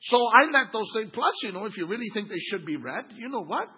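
Animated husky man preaching a sermon. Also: high-pitched, brisk, muffled recording. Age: 50s. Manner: animated, swings from quiet asides to loud exclaiming. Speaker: pastor.

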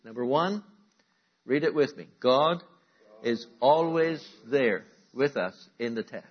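Husky male preacher, sermon in a church, swings between forceful exhortation and low asides, dull lo-fi recording. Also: animated, slow pace. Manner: swings from loud emphatic exhortation to quiet asides.

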